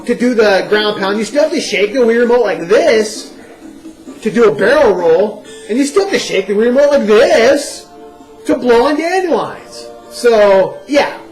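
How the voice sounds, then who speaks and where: High-voiced man ranting about a game. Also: low-quality recording. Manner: animated, ranting, peppered with "you know" and "like". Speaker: video game vlogger. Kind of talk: casual first-impressions review.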